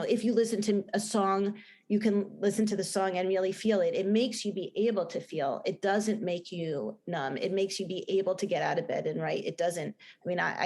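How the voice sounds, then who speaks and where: A woman's voice: on the low side, a little mellow. A middle-aged woman with a New Jersey accent, a guest in a casual podcast interview, talking earnestly and rambling with many restarts. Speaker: guest, film director and writer.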